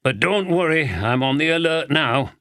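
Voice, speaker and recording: A man's voice: fairly high pitch, lively intonation, moderate pace, sharp tone, no room sound, studio quality, voice pushed up. A man voicing a weary, self-deprecating detective inspector in an audiobook.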